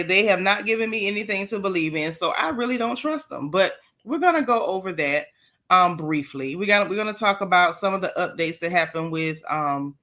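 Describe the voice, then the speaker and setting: Woman, livestream host, casual chatty delivery, bright tone, repeats herself for emphasis. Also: medium pitch. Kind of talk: casual live-stream chat.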